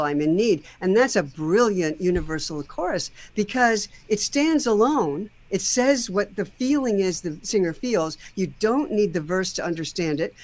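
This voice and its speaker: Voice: mid-range voice, darkish tone. A host giving a casual, thoughtful critique of a song's lyrics, explaining at length and now and then singing a line or two.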